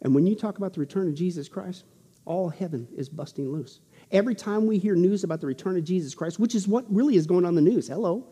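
High-voiced excitable preacher man in a reverberant hall. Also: fast talker, husky. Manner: excitable, preachy, swings between loud exclamations and hushed asides. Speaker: pastor. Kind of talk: sermon.

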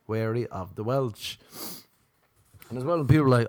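Swearing Irish man ranting, low voice. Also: a little fast, dark tone, no echo. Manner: rambling, swears freely, mocking. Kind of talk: casual comedic rant.

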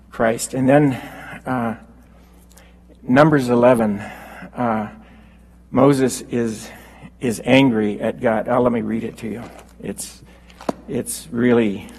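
A man preaching a sermon, unhurried and halting with fillers, rising when he quotes scripture. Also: medium pitch, steady tone, a little mellow, husky, big-room sound, poor audio.

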